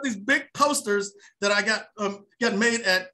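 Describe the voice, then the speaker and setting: A middle-aged man tells a story in an interview with a bright, forward voice. He is lively and laughs often, and he acts out the voices of the people he quotes. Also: high voice, a little slow, few pauses. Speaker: piano maker and inventor.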